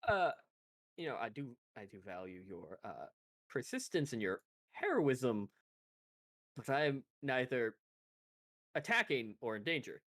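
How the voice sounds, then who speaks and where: A man voicing an older southern gentleman bounty hunter with a put-on American Southern drawl. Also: mid-range voice, big pitch swings, measured pace, long pauses, no room sound, voice pushed down.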